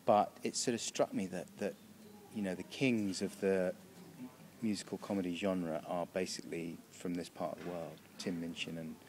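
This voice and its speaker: This British man's voice sits low and steady with a darkish tone and a normal speed, over a faint hiss or hum. He's a comedian answering interview questions in a backstage room, rambling casually, chuckling, and frequently breaking off to restart sentences.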